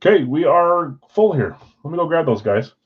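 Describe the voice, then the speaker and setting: A man's voice: fairly high pitch, expressive, normal speed, breathy edge, phone-quality sound. A man hosting a live card break from a card shop, reading out names and teams in a casual, tired way. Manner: casual, reads names off a list, tired and yawning.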